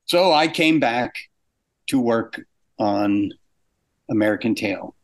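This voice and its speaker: An older man telling anecdotes in a casual interview, acting out quoted exchanges with animated shifts in pitch. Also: takes it slowly. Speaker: guest animator.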